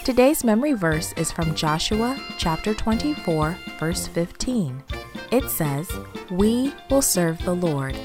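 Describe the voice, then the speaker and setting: A woman narrating a children's Bible story in a lively, expressive storytelling voice. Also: on the low side.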